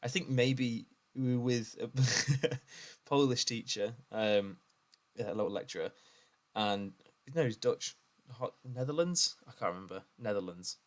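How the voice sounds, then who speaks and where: A man's voice: mid-range voice, unhurried. A man from the UK co-hosting a podcast, telling stories in casual chat and laughing often. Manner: animated storyteller, laughs often. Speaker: podcast co-host.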